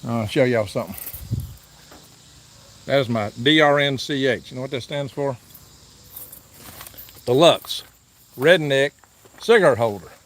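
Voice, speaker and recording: A man's voice: mid-range voice, measured pace, pauses often, a bit bright. Folksy man livestreaming from his farm. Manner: folksy, chatty, reads viewer messages aloud. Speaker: livestream host. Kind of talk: casual live vlog. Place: outdoors on a farm, in and around a truck. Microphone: phone held by the speaker.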